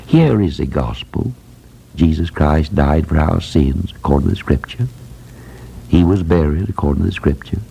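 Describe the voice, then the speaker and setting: A man's voice: extremely low pitch, lively intonation, normal speed, vocal fry, mellow, a little hiss or hum, rough recording. An older man preaching a sermon in a plain folksy way, repeating phrases for emphasis. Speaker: preacher who runs a Christian school.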